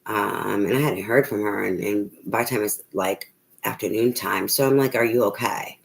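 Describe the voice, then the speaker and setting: A woman's voice: rumbling low, moderate pace, gravelly, rough recording. A middle-aged woman, a tarot reader, venting about family trouble in a blunt, emphatic way, swearing often and restarting her sentences. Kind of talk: emotional personal venting monologue.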